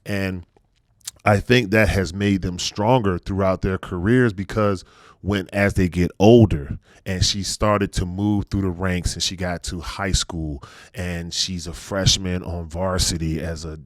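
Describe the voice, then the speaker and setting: Low-voiced man telling stories on a podcast. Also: steady tone, unhurried, no echo, clean studio sound. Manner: earnest storytelling, often lowers his voice when reflective. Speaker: podcast host. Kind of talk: casual podcast chat.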